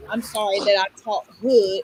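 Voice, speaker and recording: A young woman from Orlando who tells stories in a blunt, animated way, swearing freely in casual podcast chat. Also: mid-range voice, normal speed, slight background noise, rough recording. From Orlando, Florida. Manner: blunt, animated storytelling with profanity.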